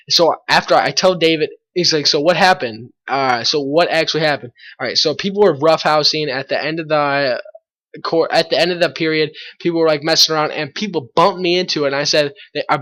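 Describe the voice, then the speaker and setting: A man's voice: fairly high pitch, fairly bright tone. A teenage boy rambling through a storytime monologue, full of fillers and swearing. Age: teens.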